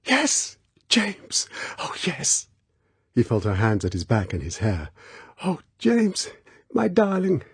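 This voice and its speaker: A man's voice: low voice, a little fast, few pauses, dark tone, slightly rough, no room sound. A man reading an audiobook voices a young woman who speaks breathlessly and urgently. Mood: tearful relief. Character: young woman, brave island girl.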